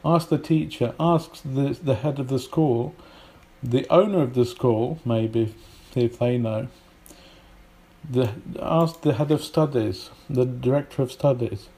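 A man explaining usage in a measured teaching style, illustrating points with spoken examples. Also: medium pitch, warm tone. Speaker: English teacher.

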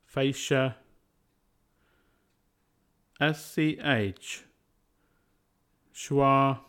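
A man teaching a scripted pronunciation lesson, speaking in slow, carefully spaced words. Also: mid-range voice, a bit bright, clear, resonant tone.

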